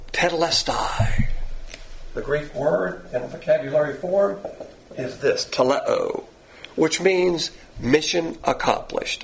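Gravelly-voiced man preaching with emphatic repetition. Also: fairly high pitch, slight background noise. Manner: emphatic, repetitive, rising and falling delivery. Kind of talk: sermon.

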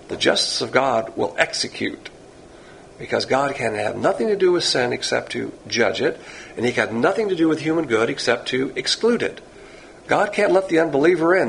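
A man's voice: fairly high pitch, gravelly, slight background noise, poor audio. A man giving a recorded Bible teaching, emphatic, stretching key words and correcting himself as he goes. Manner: emphatic, self-correcting, drawn-out stresses.

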